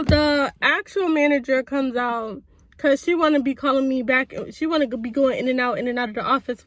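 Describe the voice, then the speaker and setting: A woman vlogging casually, telling a story in an animated, exasperated way with repeated restarts. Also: high-pitched, normal speed, no echo. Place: in a car and around home.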